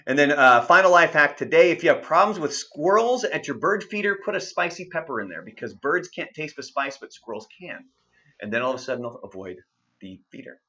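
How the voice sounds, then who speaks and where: A man in his thirties with a voice on the high side talks a little fast in a muffled recording. He hosts a radio show's online segment, spinning casual stories with plenty of energy, frequent swearing and acted-out quotes.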